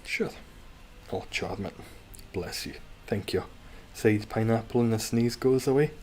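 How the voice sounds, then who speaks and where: A man's voice: fairly low pitch, measured pace, a little mellow, slight background noise. A man streaming a game from home, rambling wryly and chatting with his viewers between moves. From Scotland. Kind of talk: casual livestream chat while gaming.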